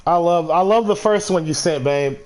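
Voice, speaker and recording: A man's voice: a little high, moderate pace. A man streaming a game, ranting casually in a rambling, profane way with many restarts. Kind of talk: casual ranting while gaming.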